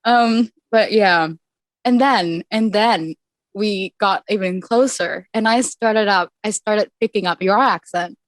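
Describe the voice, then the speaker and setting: A woman's voice: mid-range voice, takes it slowly, no echo. A young woman with an accent that blends American and British, chatting casually as a podcast host. She giggles, mocks herself and restarts sentences often. The sound is dry and close, with no room around her. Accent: mixed American and British. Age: young adult. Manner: giggly, self-mocking, with frequent restarts. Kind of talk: casual chat.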